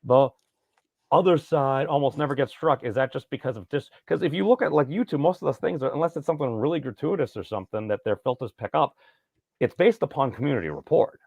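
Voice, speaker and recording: A man hosting a casual podcast, rambling and jokey with a creaky voice. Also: medium pitch, animated, fast talker, no room sound, narrow, tinny audio. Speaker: podcast host.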